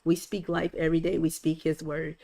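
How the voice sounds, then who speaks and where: A woman's voice: deep voice, flat delivery, fairly quick, vocal fry, mellow. A middle-aged woman hosting a faith-based interview show over a video call, effusive and encouraging, closing with a blessing. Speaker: host. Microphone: streamed video call.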